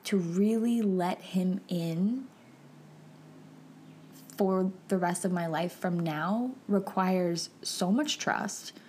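Soft-spoken slow woman telling a story. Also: on the low side, a little hiss or hum. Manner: soft, often drops to a hushed whisper; chatty, many filler "like"s. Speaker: podcast host. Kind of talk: personal storytelling.

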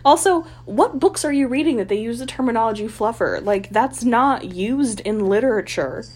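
A woman's voice: fairly high pitch, lively intonation, normal speed, background noise. A woman co-hosting a podcast, reading a trashy novel aloud with sarcastic, giggly asides. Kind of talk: mocking dramatic reading with commentary.

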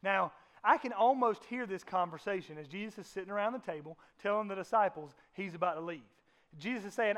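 Male pastor with a very high voice, preaching with passion and swinging dynamics. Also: animated, a little fast, fairly bright tone. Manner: impassioned preaching, rising and falling, acts out voices in a casual way. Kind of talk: sermon.

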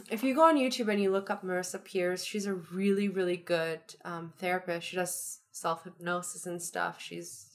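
Chatty upbeat young woman. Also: medium pitch. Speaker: podcast co-host. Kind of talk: casual chat.

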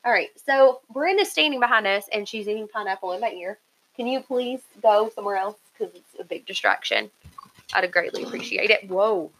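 A woman co-hosts a podcast in loose, casual chat. She talks in an excitable, chatty way and giggles often. Her voice is bright and forceful. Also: medium pitch, fairly quick, slight background noise, rough recording. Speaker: podcast co-host.

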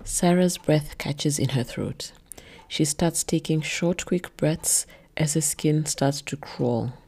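A woman narrating her own written story in a measured, low-key way. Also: a little mellow, husky. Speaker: narrator and author.

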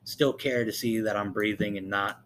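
A man's voice: on the low side, steady tone, normal speed, a bit bright, a little hiss or hum. A young man co-hosting a podcast in casual chat, rambling with lots of fillers and swearing. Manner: rambling, profane, many fillers. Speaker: podcast co-host.

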